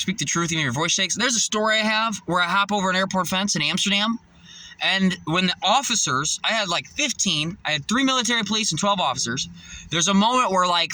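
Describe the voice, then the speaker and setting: A man's voice: high-pitched, bright, forceful tone, poor audio. A man telling a rambling, profane story to his phone camera outdoors, laughing and restarting often. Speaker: vlogger.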